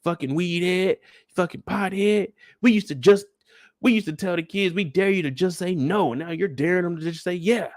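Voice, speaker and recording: A man voicing a furious, foul-mouthed middle-aged mother who yells and curses in shrill outrage. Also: moderate pace, no echo, clean studio sound, natural voice.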